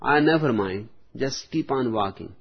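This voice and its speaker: A man's voice: mid-range voice, animated, a little slow, slightly rough. A man voicing a tiny mischievous mouse. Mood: sly. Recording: dull lo-fi recording.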